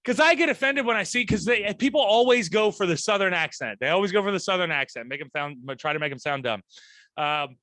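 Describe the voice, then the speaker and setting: A man co-hosting a casual podcast chat, animated and blunt, swearing and laughing often. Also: sits high, brisk, no echo. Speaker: podcast co-host.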